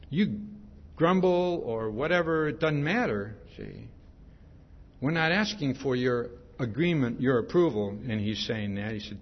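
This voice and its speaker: A man's voice: mid-range voice, long reverb tail, muffled recording. A man preaching a sermon in a conversational way, often checking in with his listeners. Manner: conversational, repeats "see?" often.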